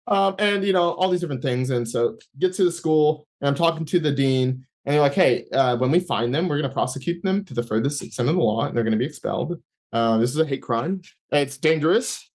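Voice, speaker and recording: A young man giving an interview, telling a personal faith story in a casual, halting way full of fillers, restarts and acted-out inner dialogue. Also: fairly high pitch, lively intonation, darkish tone. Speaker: interview guest. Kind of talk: personal testimony in casual conversation.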